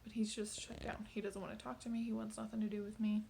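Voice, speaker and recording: A woman in her thirties recounting a hard evening with her son in a personal video diary, speaking softly and haltingly, often close to a whisper, and tearful at times. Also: mid-range voice, level tone, gravelly. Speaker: mother.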